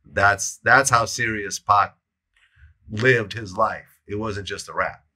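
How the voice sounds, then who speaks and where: A man hosting an interview, recounting stories in a measured way. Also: fairly low pitch, bright, forceful tone. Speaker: interviewer host. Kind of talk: interview chat and storytelling.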